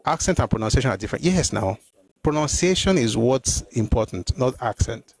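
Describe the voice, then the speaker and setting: A man hosting a live stream, answering viewer comments in an animated, exclamatory way, often repeating himself. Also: medium pitch, brisk, vocal fry. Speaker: host.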